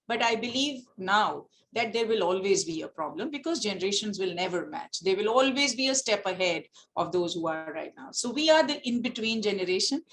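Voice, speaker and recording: A woman's voice: mid-range voice, fairly bright tone, poor audio. A middle-aged woman with an Indian accent, a professor giving an online lecture over a video call, asking her listeners a run of rhetorical questions. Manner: rhetorical questions, switches into Hindi for quoted students. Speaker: professor giving a faculty talk.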